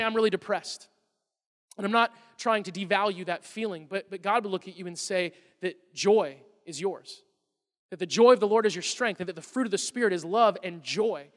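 A man's voice: sits high, fairly bright tone. A middle-aged man preaching a sermon as a pastor, conversational and then building to emphatic bursts. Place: church hall. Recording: live sermon with long hall reverb.

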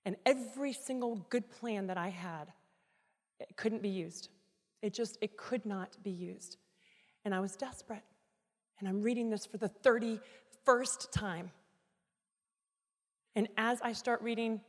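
A woman giving a sermon, telling a personal story with dramatic, emotional swings between quiet reflection and loud pleading. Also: mid-range voice. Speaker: guest speaker. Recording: reverberant hall.

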